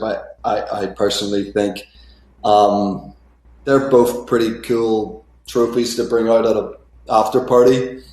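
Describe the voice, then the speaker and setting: A man in his thirties, an actor guest in a casual remote interview, talking in a relaxed, rambling way with lots of fillers. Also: on the low side, echoey room, poor audio.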